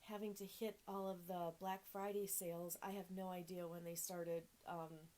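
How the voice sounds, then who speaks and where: A woman's voice: lowish voice, level tone, moderate pace, warm tone. A woman co-hosting a casual livestream from a relative's house, chatting and hesitating with many fillers, filmed on a phone. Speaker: co-host. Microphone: phone camera.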